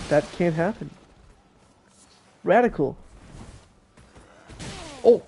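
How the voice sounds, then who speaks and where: A teenage boy streams a video game and jokes around with friends on a call. His high-pitched voice is gravelly and warm, with a little hiss or hum on the recording.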